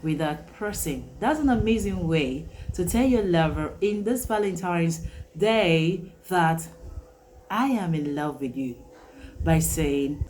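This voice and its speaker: A woman teaching an English vocabulary lesson, repeating each phrase slowly and with emphasis. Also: lowish voice, animated, a little mellow, a little hiss or hum, rough recording.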